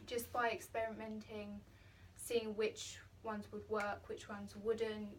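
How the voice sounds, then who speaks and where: A woman's voice: mid-range voice, flat delivery, slow pace. Young woman, student in a group discussion, hesitant with fillers; recorded at a distance, faint background hum. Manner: hesitant, many fillers and restarts. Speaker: drama student.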